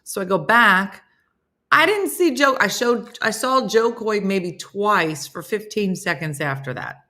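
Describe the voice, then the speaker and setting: A woman's voice: mid-range voice, measured pace, hardly any pauses, bright, forceful tone. A middle-aged American woman hosting a casual live morning show, chatting and joking with viewers by name in a self-mocking way. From United States. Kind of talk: casual live-stream chat reading comments.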